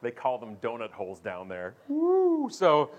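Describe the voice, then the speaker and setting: Animated man telling stories. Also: fairly low pitch, moderate pace, dull audio. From Canada. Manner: animated, acts out voices with big swings. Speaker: keynote speaker and show host. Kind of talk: humorous storytelling talk.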